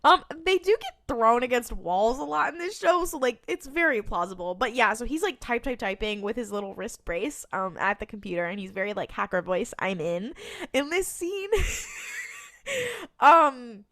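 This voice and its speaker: A woman co-hosting a podcast, casually retelling a TV episode scene by scene with many fillers and quick laughs. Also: a little high, animated, pushed and bright. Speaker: podcast co-host. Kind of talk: casual recap chat.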